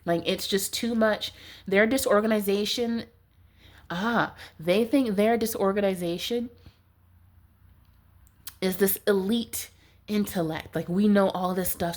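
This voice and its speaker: A woman's voice: medium pitch, unhurried. A woman with a stuffy, nasal voice giving a casual tarot reading, rambling with many "like"s. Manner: rambling, heavy use of "like". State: stuffy nose, congested. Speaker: tarot reader.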